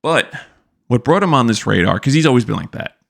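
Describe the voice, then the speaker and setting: Swearing nonstop and mimicking people mockingly, this young podcast host rants with blunt commentary. He talks fast in an expressive mid-range voice with vocal fry.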